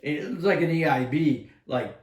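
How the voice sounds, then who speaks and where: An older man, a retired army sergeant major, telling war stories in a casual, heavily profane way and acting out shouted lines. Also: on the high side, lively intonation, moderate pace. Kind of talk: casual storytelling with heavy swearing. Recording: echoey room.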